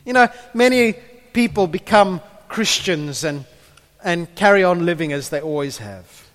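Earnest preacher in an echoey hall. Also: male voice, high voice, expressive, a little slow. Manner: earnest, builds to loud impassioned peaks, repeats words. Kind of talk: sermon. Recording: echoey hall with long reverb.

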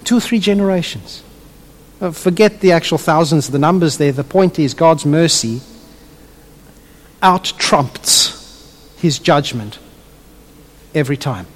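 A man preaching a sermon to a congregation. He is animated and drops his voice low when he retells a story. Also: moderate pace, big-room sound. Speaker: pastor.

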